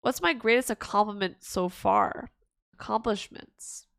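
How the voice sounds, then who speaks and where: A woman's voice: mid-range voice, expressive, moderate pace, a bit bright, no room sound, clean studio sound. A young woman streaming live, chatting casually with viewers in a rambling, giggly way. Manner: rambling and giggly, with many restarts. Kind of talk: casual livestream chat answering viewer questions.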